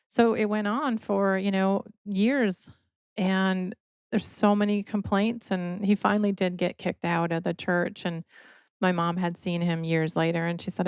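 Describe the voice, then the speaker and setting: A woman's voice: medium pitch, little pitch movement, normal speed, darkish tone, clean tone, dry recording, studio quality. A middle-aged woman from Michigan, a podcast guest telling her personal story in an earnest, emotional way. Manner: earnest, emotional, quotes others in dialogue.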